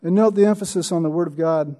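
A man's voice: fairly high pitch, fast, mellow. A man preaching a sermon in an emphatic way, reading scripture and often asking "right?". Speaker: pastor.

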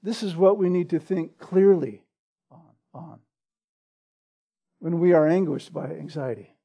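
A man preaching an expository sermon, earnest and deliberate, who often checks in with a rhetorical "right?" and repeats words for emphasis. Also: fairly high pitch, gravelly, husky, dull audio. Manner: earnest, rhetorical, frequent "right?" tag questions; slow and deliberate with emphatic repetition. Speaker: pastor.

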